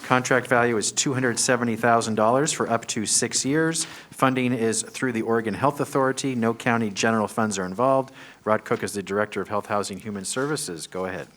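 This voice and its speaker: A man serving as county administrator, reading agenda items aloud in a brisk, formal way at a public meeting. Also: mid-range voice, a bit bright, a little hiss or hum.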